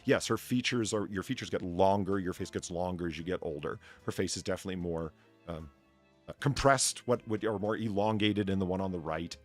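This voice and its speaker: A man's voice: deep voice, brisk, soft background music. A man hosting a podcast, rambling and cursing through crude comedic banter with lots of stammering restarts. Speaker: podcast host.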